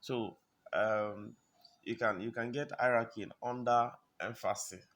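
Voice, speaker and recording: A man explaining design principles in a tutorial, halting, repeating words and often clearing his throat, checking in with the listener. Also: mid-range voice, steady tone, a bit bright. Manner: checks in with "you understand?". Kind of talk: screen-recorded tutorial explanation.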